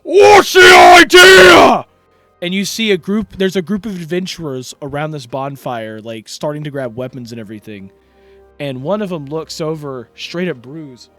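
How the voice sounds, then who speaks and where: A man's voice: on the high side, normal speed, shouting, music in the background. A man narrating as dungeon master in a rambling way, full of fillers. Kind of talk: narrating a tabletop game.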